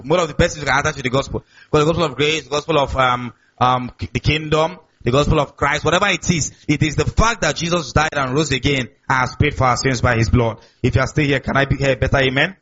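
High-voiced husky preacher, lo-fi sound. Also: male voice, fairly bright tone. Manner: call-and-response preaching, repeats key words. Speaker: pastor. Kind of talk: sermon. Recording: dull lo-fi recording.

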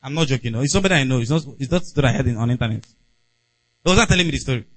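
A man's voice: mid-range voice, lively intonation, very fast, rough recording. A man preaching a conversational sermon and acting out little everyday scenes. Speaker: pastor.

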